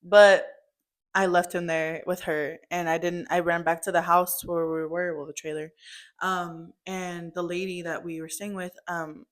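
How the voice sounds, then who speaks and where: A woman's voice: lowish voice, level tone, measured pace. A young woman telling her mother a family story in casual chat, full of "like" and "um" fillers.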